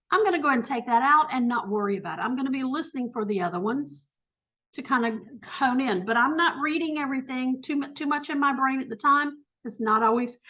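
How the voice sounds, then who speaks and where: Woman teacher, middle-aged, fairly high voice, chatty think-aloud test walkthrough. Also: a bit bright. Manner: self-correcting, talks herself through each step.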